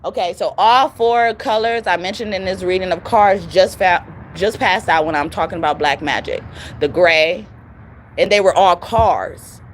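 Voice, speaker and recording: A woman giving a casual live tarot reading, with a strained voice, animated and profane, repeating phrases for emphasis. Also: fairly low pitch, normal speed, a little hiss or hum. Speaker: tarot reader.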